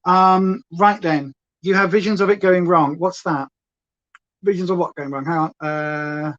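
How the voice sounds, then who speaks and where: A woman's voice: on the low side, muffled recording. A woman from Hampshire with a southern English accent and a touch of Essex twang, chatting loosely as she does her makeup on a livestream and reads out viewers' comments. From Hampshire, England. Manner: rambling, chatty, talks to viewers and her dog. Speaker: beauty livestream host. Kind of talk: chatty makeup livestream, reading chat aloud. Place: home.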